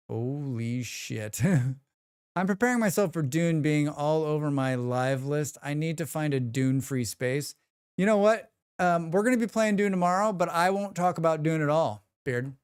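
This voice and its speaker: Smooth-voiced man chatting on stream. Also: on the high side, a little mellow, no echo, studio quality. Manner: rambling, joking, reacts to chat. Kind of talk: casual live-stream chat.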